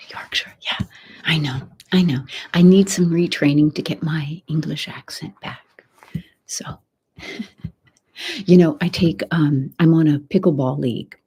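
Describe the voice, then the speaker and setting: A middle-aged woman hosts a soft-spoken ASMR live chat, very breathy and airy, often dropping into a whisper. Her voice sits low and mellow, and she rambles on close to the mic. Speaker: ASMR channel host.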